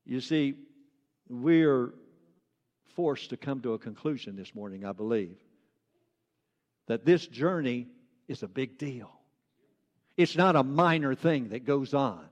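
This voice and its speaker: A man's voice: on the high side, in a large hall. A man preaching a sermon as pastor, earnest and repeating phrases for emphasis.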